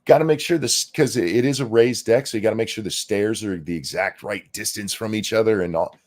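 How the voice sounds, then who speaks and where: A middle-aged man with a lowish, brisk voice co-hosts a live political reaction stream. His casual talk is loose, jokey and often profane.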